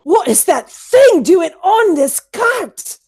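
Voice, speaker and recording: A woman voicing a startled, indignant elf woman adventurer in a tabletop game, shrill and drawn out. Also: big pitch swings, slow pace, a little mellow, exaggerated voice. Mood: alarmed.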